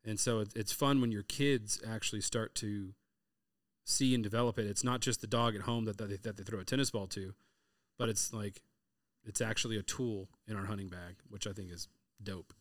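Man, thirties, low voice, casual storyteller, dry sound. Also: brisk, dry recording. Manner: storytelling, animated retelling of hunting anecdotes with quoted dialogue. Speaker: podcast host. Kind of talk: casual chat.

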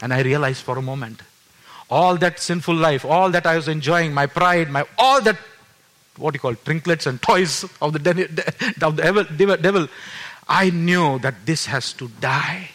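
A man in his fifties preaching his testimony, his voice bright and edged, pitched a little higher than most men. He tells the story earnestly, restarting his phrases and swinging from loud emphatic peaks down to hushed, low passages. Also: normal speed. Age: 50s. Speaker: pastor. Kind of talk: testimony sermon.

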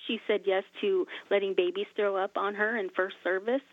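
A woman's voice: mid-range voice, normal speed, no room sound. A woman hosting a faith talk show, telling stories and acting out the dialogue in them. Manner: animated, acts out quoted dialogue. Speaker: host. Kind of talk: casual faith conversation, storytelling. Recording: tinny phone-like line, dry.

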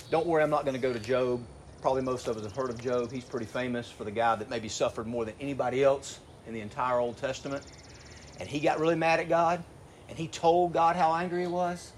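A middle-aged man preaching a sermon in a conversational way, asking rhetorical questions and slowing down to read scripture. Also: medium pitch, a little hiss or hum. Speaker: pastor. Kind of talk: sermon to graduating seniors.

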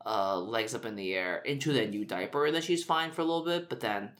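A man's voice: fairly low pitch, lively intonation, fairly quick, fairly bright tone. A man co-hosting a podcast, telling a long story in casual chat with jokes and lots of fillers. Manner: rambling, jokey storytelling with many fillers. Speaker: podcast co-host.

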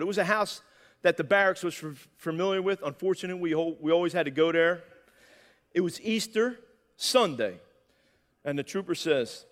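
A high-pitched man preaches with lively energy, pausing for amens from his listeners. His voice carries a long reverb, as in a church hall. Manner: animated, calls for "amen". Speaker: pastor. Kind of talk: sermon.

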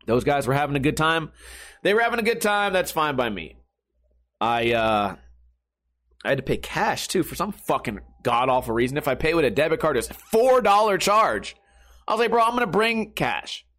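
A man's voice: on the high side, sing-song, normal speed, a bit bright. A young man telling a rambling, profane story in a casual monologue, mocking himself and laughing often.

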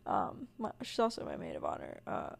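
A woman's voice: rumbling low, huge pitch swings, brisk, creaky, breathy edge. A young woman with a Southern US accent, hosting a podcast and chatting casually, rambling with lots of "like" and "um". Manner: rambling, filler-heavy, self-deprecating. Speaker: podcast host. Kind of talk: casual solo podcast chat.

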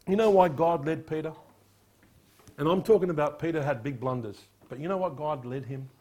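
Husky-voiced male pastor preaching. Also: mid-range voice. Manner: animated preaching, rhetorical questions, drops quiet on solemn points. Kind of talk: sermon.

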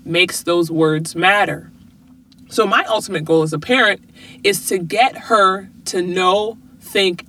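A mother speaks straight to her viewers with earnest, motivational parenting advice. Her voice is bright and forward. She often asks rhetorical questions and then answers them herself. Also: mid-range voice.

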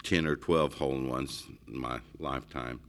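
A man's voice: a bass voice, steady tone, normal speed, creaky. A middle-aged man casually telling stories in a rambling way, with frequent restarts. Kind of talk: casual conversation.

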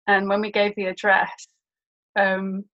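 A woman's voice: mid-range voice, completely flat delivery, a little slow, muffled recording. A woman, a humanist celebrant chatting as a podcast guest and explaining things with plenty of fillers. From born in England, raised in Birkenhead. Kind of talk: casual podcast interview.

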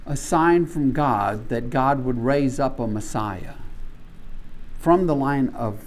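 A man's voice: mid-range voice, slow. A man teaching a Bible class, emphatic, often restarting and repeating his words.

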